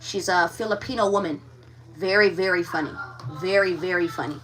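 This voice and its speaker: A woman's voice: on the low side, a little fast, a bit bright, far from the mic, a little hiss or hum. A woman giving a live tarot reading, talking frankly and with animation straight to her viewers. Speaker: tarot reader.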